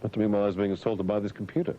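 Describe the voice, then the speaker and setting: A man's voice: little pitch movement, very fast, dark tone. A man hosting breakfast radio, reading the news and mocking it with jokey asides and mumbled fillers. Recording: dull lo-fi radio broadcast with faint rumble.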